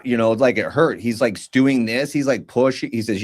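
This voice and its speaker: Speaking at a normal speed with a medium-pitched voice, a male podcast co-host recounts a tale. His delivery is animated and full of slang, and he performs other people's dialogue as he goes.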